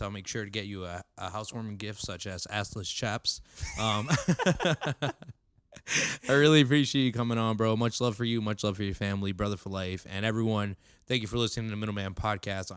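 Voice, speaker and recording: A man's voice: fairly low pitch, fairly quick, clear, resonant tone, dry recording, clean studio sound. Laid-back, foul-mouthed male podcast host. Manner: loose and profane, laughs often. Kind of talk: casual chat. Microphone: condenser mic.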